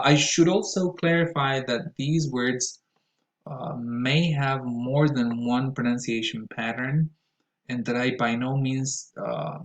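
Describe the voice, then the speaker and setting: A man's voice: medium pitch, creaky, low-quality recording. A man whose first language is Spanish, teaching English pronunciation to his students in a careful, explanatory lecture with frequent fillers.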